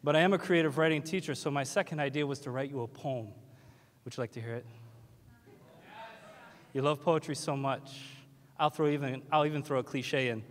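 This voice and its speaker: A man's voice: on the high side, moderate pace, long pauses. A man from West Virginia, a teacher giving a graduation speech with wry, self-deprecating humor. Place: large hall at a graduation ceremony. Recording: long hall reverb.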